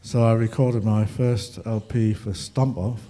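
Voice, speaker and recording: A man's voice: on the low side, fairly even intonation, a little slow, mellow. An older man telling rambling, humorous stories to an audience, with many fillers. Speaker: ragtime musician speaking at a festival. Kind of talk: anecdotal talk to an audience.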